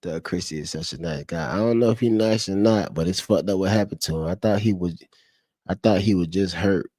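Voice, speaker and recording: With a low, husky, mellow voice and a brisk delivery, a man fires off unscripted commentary to his stream chat, cursing heatedly and circling back to each point. The sound is clean and studio-grade, with no room sound.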